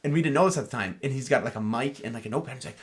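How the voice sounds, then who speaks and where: Fast-talking young man telling a story. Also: mid-range voice, slight background noise. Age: young adult. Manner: animated storyteller, full of fillers. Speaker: podcast co-host. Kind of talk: casual chat.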